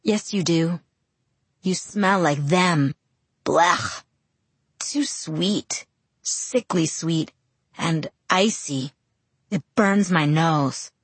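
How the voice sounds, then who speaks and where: A woman reading a calm, gruff teenage boy. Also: lowish voice, very slow, pauses often, no room sound, exaggerated voice. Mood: disgusted.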